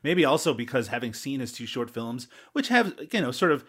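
A man's voice: medium pitch, sing-song, brisk, a bit bright. Man, podcast co-host, mid-range voice, blunt, jokey. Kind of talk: casual film discussion.

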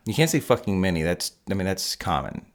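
Loud, crude, deep-voiced podcast man. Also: very animated, fairly quick. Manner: loud, heated, crude ranting. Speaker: podcast co-host. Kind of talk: casual podcast chat.

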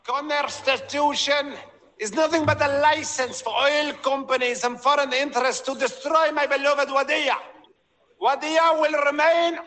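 A man's voice: extremely high pitch, fairly even intonation, measured pace, sharp tone, slight background noise, exaggerated voice. An actor playing a pompous male dictator, declaiming a grandiose speech to a crowd with a thick put-on foreign accent. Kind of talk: film comedy speech. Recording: film clip with long hall reverb.

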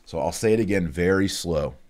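Low-voiced male teacher, casual online lesson, slow careful Latin enunciation with conversational asides. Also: a little mellow. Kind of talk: casual online lesson, reading and explaining prayers.

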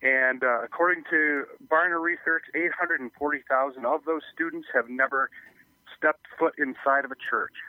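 A man's voice: on the high side, fairly even intonation, normal speed, dry recording. A man interviewed by phone as a youth ministry guest, explaining in an earnest way. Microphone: telephone. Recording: tinny phone line.

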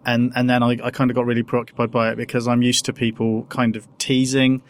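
A man's voice: medium pitch, monotone, fast. A man co-hosting a casual podcast, talking in a hesitant, rambling way full of restarts. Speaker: podcast co-host. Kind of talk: casual chat.

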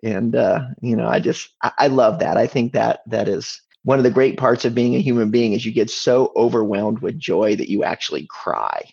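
A man hosting a casual podcast, reflecting warmly and enthusiastically on stories. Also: on the low side, moderate pace, gravelly, slightly rough, dull audio. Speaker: podcast host. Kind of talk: casual interview chat.

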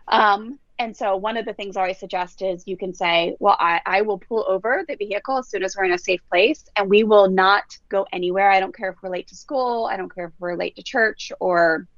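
A woman talking as a parenting coach on a podcast, telling stories and quoting people with lively energy. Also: mid-range voice, gravelly, dry recording, highs cut off. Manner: storytelling, animated quoting of others. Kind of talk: casual podcast chat.

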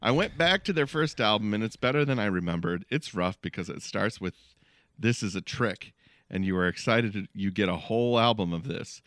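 A man's voice: on the low side, lively intonation, brisk, a bit bright, no room sound, studio quality. Chuckling male podcast co-host. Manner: laughs between words. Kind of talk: casual chat.

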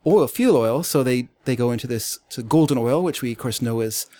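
A man's voice: mid-range voice, brisk, dark tone. A man chatting casually as co-host, rambling through a story and laughing often. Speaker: podcast co-host. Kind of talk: casual comic book discussion.

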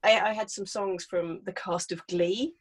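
A woman's voice: mid-range voice, unhurried, crowd noise. A woman co-hosting a podcast, telling stories in casual chat, acting out the dialogue and laughing often. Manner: animated storytelling, acts out dialogue, laughs often. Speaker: podcast co-host.

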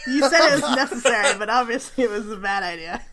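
A woman co-hosting a podcast in casual chat, easygoing and quick to laugh. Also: fairly high pitch, lively intonation, a crowd in the background. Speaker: podcast co-host.

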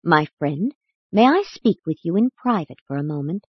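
A woman reading a gentle, patient male teacher. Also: fairly low pitch, expressive, moderate pace, slightly rough, dry recording, dull audio, pitched below the performer's own voice.

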